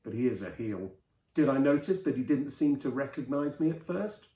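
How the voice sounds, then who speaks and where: A man's voice: mid-range voice, lively intonation, normal speed, dark tone, roomy sound, close to an everyday voice, poor audio. A man reading a worldly, cynical Hollywood insider. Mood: confiding.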